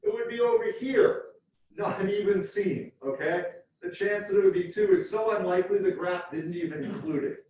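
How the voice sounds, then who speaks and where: A man's voice: high voice, darkish tone, a little hiss or hum. Lecturing man in an echoey hall. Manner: explanatory, repeats key points slowly. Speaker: university lecturer. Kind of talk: classroom lecture. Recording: echoey hall from far off, dull.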